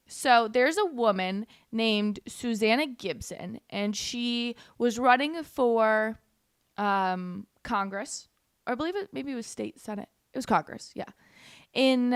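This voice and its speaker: A sarcastic, giggly young woman with a slightly high, smooth, resonant voice. She guest hosts a casual political commentary livestream, chatting with viewers in the chat. The sound is dry and close, with no room echo. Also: fairly bright tone. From Canada. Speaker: guest host.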